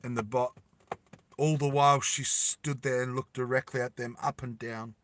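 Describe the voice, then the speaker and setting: A man telling a dramatic story slowly and deliberately, with emphatic repetition. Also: mid-range voice, little pitch movement, fairly bright tone, a little hiss or hum. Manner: slow deliberate with emphatic repeats.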